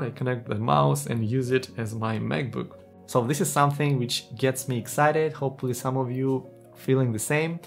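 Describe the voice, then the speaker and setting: A man talking to camera in a casual tech vlog, earnest and enthusiastic, with slightly non-native phrasing. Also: mid-range voice. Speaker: tech YouTuber.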